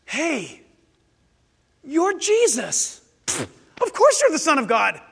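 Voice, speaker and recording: A preacher voicing a sly male Satan who tempts in a low, coaxing murmur, in a reverberant hall. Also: huge pitch swings, takes it slowly, vocal fry, a bit bright, a little hiss or hum, full character voice. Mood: mocking. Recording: long church hall reverb.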